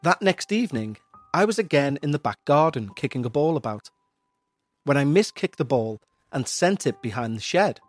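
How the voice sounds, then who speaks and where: A man hosting a podcast, reading out a listener's eerie story in a measured, somber way. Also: a little high, very animated, no room sound, soft background music. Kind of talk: narrated paranormal story.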